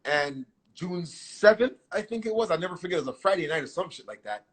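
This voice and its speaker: Husky man telling a profane story. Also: high-pitched, brisk. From Canada. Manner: profane, animated storytelling with street slang. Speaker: guest artist. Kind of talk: storytelling interview.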